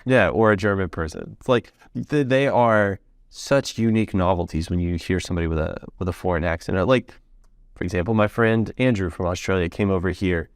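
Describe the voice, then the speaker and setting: A man's voice: low-pitched, a little fast, smooth, no room sound, studio quality. An American man hosting a podcast, chatting enthusiastically with lots of fillers. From United States. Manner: enthusiastic, rambling, filler-heavy. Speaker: podcast host. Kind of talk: casual interview chat.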